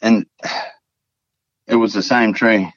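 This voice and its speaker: A low-pitched Australian man from the Northern Territory tells his story in a casual, rambling way, circling back on his words and swearing freely. The audio is dry and a little muffled, like a lo-fi podcast recording. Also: steady tone, slow, no echo. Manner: rambling, profane, repeats words and fillers. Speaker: guest.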